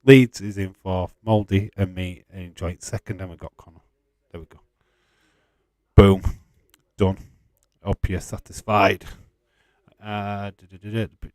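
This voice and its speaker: Yorkshire bloke, stream host, low-ish voice, dry close mic, relaxed and chuckly. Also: male voice, no echo. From England. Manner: chatty and laid-back, chuckling often, light swearing. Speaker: livestream host. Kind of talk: casual live-stream chat, reading out viewer comments.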